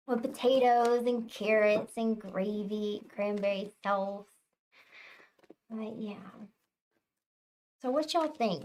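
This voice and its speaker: A young woman chatting casually with her viewers on a tarot reading livestream, telling stories in an animated way. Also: fairly high pitch, slight background noise. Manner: chatty, animated storytelling, talks to chat. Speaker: tarot reader livestream host.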